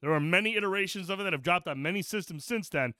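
Bright-voiced man ranting casually. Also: sits high, fast talker, no room sound, clean studio sound. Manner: profane, rambling storyteller. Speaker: podcast co-host. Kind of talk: casual chat.

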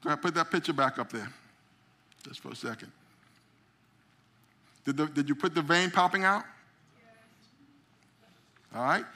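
A man's voice: fairly high pitch, normal speed, long pauses. A middle-aged man teaching a group, acting out little stories with voices as he goes. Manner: animated storyteller, acts out voices. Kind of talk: teaching a memory drawing lesson.

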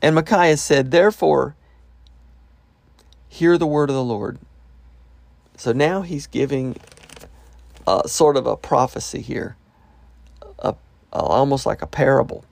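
A man reading Bible verses aloud and explaining them in a relaxed, conversational way, with frequent fillers. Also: mid-range voice, measured pace, gravelly, long pauses, dry recording. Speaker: Bible teacher. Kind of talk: reading scripture with commentary.

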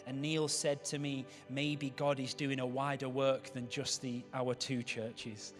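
A man's voice: mid-range voice, little pitch movement, normal speed, hardly any pauses, faint music behind. A man, a pastor giving a sermon in a chatty way, with joking asides to the congregation.

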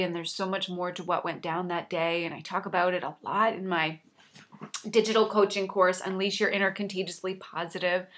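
A woman's voice: mid-range voice, fairly bright tone. A woman coach sharing a personal story in an earnest, reflective way, with a slight frog in her throat. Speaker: life coach.

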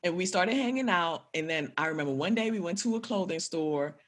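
A woman comedian chatting as a podcast guest, telling stories in an animated, profane way with big laughs. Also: fairly low pitch, a little fast. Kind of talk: casual podcast chat.

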